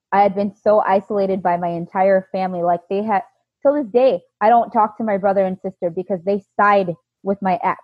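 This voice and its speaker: In candid personal testimony, a medium-pitched woman tells of a hard period she lived through, emotionally repeating many lines spoken by those involved. The audio is dull, lo-fi and dry.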